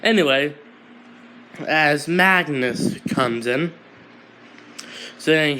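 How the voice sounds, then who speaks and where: A man's voice: a little high, slow, fairly bright tone, a little hiss or hum. A man improvising a fan-fiction story, giggling, apologizing and restarting often.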